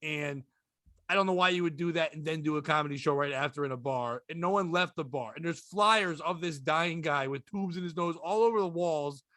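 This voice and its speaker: A man, a comedian guest, telling a story with casual profanity and deadpan delivery on a podcast. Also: on the high side, brisk, no echo, studio quality.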